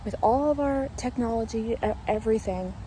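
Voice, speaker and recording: A woman's voice: a little high, a little fast, warm tone. Chatty young woman vlogging, noisy background. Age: 20s. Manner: chatty, swears freely, lots of fillers. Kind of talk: casual vlog chat. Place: outdoors walking, then indoors at home.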